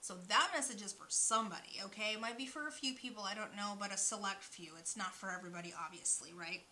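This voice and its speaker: A woman's voice: medium pitch, quick pace, bright, forceful tone, slight background noise, low-quality recording. A woman giving a spiritual nutrition card reading, rambling with many fillers and restarts. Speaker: oracle card reader.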